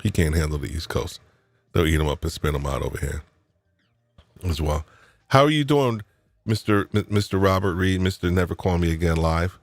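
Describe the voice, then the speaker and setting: A man's voice: low-pitched, fairly even intonation, fairly quick, dry recording. A man from New York hosting a live podcast chat, teasing his guests in playful banter and musing with many fillers and restarts. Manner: reflective, uses fillers and restarts. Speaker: podcast host.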